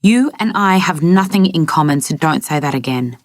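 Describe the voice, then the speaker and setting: A grieving young woman, defensive and sharp, who answers in clipped, bitter retorts, as a woman reads her lines. The voice is on the low side for a woman. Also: lively intonation, moderate pace, no echo, clean studio sound. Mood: hostile.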